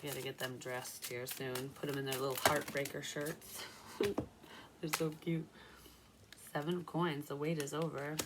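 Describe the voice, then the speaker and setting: A woman's voice: low-pitched, level tone, unhurried, heavy background noise. A young woman doing a casual tarot reading, rambling through personal stories and swearing freely. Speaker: psychic tarot reader.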